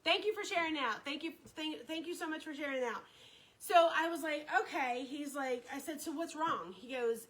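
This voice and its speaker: A woman's voice: sits high, fairly quick, a bit bright, poor audio. A woman telling a story on her live stream, chatty and repetitive, greeting viewers by name as she talks.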